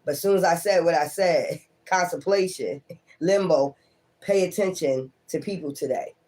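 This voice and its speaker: A tarot reader with a fairly high-pitched, darkish male voice runs a casual session aimed straight at his audience. Lots of swearing and laughing come through, along with quick asides where he plays out viewers' thoughts.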